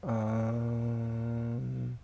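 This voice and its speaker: Very slow and entirely flat, his creaky, mellow medium-pitched voice carries a casual livestream he hosts from his home workshop. He's a middle-aged Australian with a slight American tinge who thinks aloud while tinkering, rambling and mocking himself.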